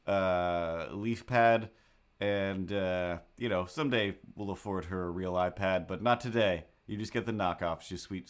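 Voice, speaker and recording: A young man with a lowish voice rambles through casual livestream chat, cracking self-deprecating jokes as he fiddles with his setup. He talks in a loose, unscripted way, full of asides. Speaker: livestream host. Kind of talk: casual chat while setting up a drawing stream.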